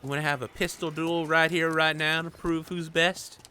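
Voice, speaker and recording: A woman's voice: sits low, level tone, normal speed, sharp tone, clean tone, voice pushed up. A man voicing a fierce, hot-tempered young gunslinger woman in a tabletop game, snapping and threatening. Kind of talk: tabletop game role-play.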